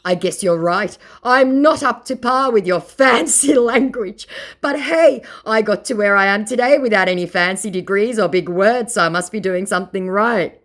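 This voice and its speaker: A woman's voice: mid-range voice, moderate pace, a bit bright, voice pushed up, lightly acted. A woman voicing a smug, pushy male scammer posing as a famous rocker, in an exaggerated, sing-song mocking tone.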